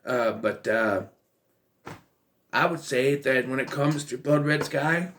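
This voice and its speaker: A man's voice: medium pitch, takes it slowly, pauses often, fairly bright tone, a little hiss or hum. A man in his thirties giving a casual, exasperated and blunt film review, with bursts of profanity. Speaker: movie reviewer.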